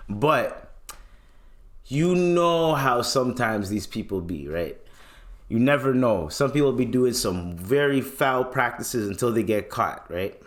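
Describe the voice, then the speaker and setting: A young man from Canada hosting a solo podcast, rambling in a relaxed way with lots of slang and swearing. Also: medium pitch, unhurried. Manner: laid-back, swears often, slangy, rambling. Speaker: podcast host. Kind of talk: casual solo podcast talk.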